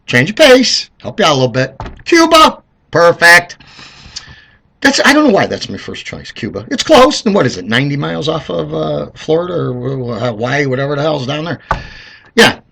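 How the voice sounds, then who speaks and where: A middle-aged man giving a sarcastic comic rant on his vlog, mocking and swinging between loud outbursts and mumbles. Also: medium pitch, vocal fry, husky. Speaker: political vlogger.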